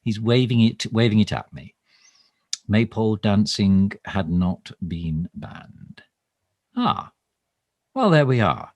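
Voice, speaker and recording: A man's voice: on the low side, very animated, takes it slowly, pauses often, darkish tone, no echo. A man playing a bumbling pompous minister. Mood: self-important. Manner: hesitant, rambling, full of ums and stammered restarts; pompous, overly formal. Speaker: satirical minister character. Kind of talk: improvised comic monologue, mock live stream.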